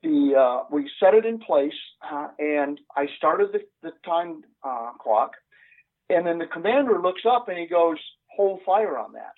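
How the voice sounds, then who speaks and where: An older man recounts his police days in an earnest, halting way, stopping often on "uh". His voice sits a bit high for a man. He comes through a thin, tinny phone line. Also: lively intonation. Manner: earnest, halting with many "uh" fillers. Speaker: retired police sergeant. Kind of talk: telling a story in an interview.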